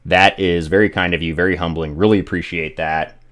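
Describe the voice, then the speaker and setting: A man's voice: low-pitched, steady tone, a little fast, a bit bright. A man hosting a casual gaming live stream, joking and rambling with lots of fillers.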